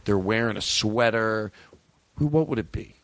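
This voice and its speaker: A man's voice: normal speed, fairly bright tone, no echo. A man hosting a podcast, rambling and joking in casual banter. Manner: rambling, jokey, slips into high-pitched put-on voices of imagined listeners. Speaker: podcast host.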